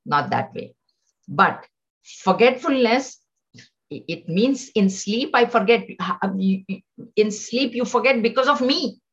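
A woman teaching scripture to a class, patiently explaining, repeating phrases and chanting some of them slowly. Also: on the high side, animated, slightly rough. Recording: dull lo-fi sound.

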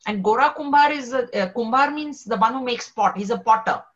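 A woman, a spiritual teacher telling a devotional story in a lively way and acting out the characters' voices. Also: fairly high pitch, a little fast, dull audio.

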